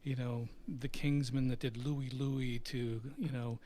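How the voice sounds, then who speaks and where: A middle-aged man who is a company CEO and a musician tells stories during a live Q&A in an unhurried, medium-pitched voice with a slight hiss or hum. He's animated, laughs often, and acts out the voices of the people he quotes in this casual storytelling.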